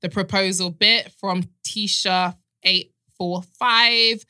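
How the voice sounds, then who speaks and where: A woman hosts a podcast in casual chat, teasing her co-hosts and bursting into giggles. Her voice is bright and forward. She's recorded close and dry on a studio mic. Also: mid-range voice, fairly even intonation, slow pace, clean tone, dry recording. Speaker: podcast host.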